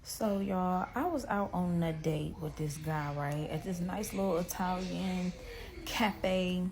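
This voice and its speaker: A woman casually telling a profane, animated story to her viewers. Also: on the low side, takes it slowly, a little hiss or hum.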